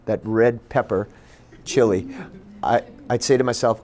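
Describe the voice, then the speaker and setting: A man giving a personal storytelling talk at a bookstore event, animated and acting out the voices he quotes. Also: mid-range voice, a little slow. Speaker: author and speaker.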